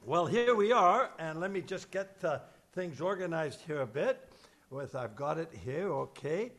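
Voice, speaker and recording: Lively emotional man preaching. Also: a little high, a little slow. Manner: emotional, chatty, fumbling with notes and screen. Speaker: pastor. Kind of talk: sermon with casual asides. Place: church service shared over video call.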